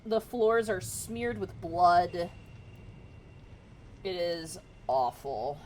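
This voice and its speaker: A woman's voice: lowish voice, expressive, extremely slow, a little mellow, a little hiss or hum, rough recording. A woman narrating a tabletop game as game master, describing scenes casually with fillers.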